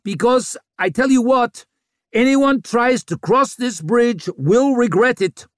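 A man putting on a weary female chief inspector, hard-bitten, blunt and profane, high, loud storybook voice. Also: expressive, takes it slowly, dry recording, studio quality. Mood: threatening.

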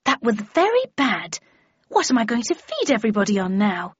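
A woman's voice: a little high, huge pitch swings, moderate pace, slightly rough, no room sound, muffled recording, full character voice. A woman doing a fussy, cooing mother. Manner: cooing, scolding, fluttery. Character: fussy, bustling middle-aged mother.

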